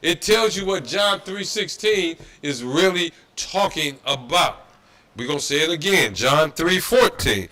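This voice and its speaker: A man gives a scripture lecture in a preaching style, his voice pitched a little high and cutting bright and forceful. He talks emphatically, repeats himself, and tosses in mocking asides. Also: animated, measured pace. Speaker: religious history class instructor. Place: Detroit.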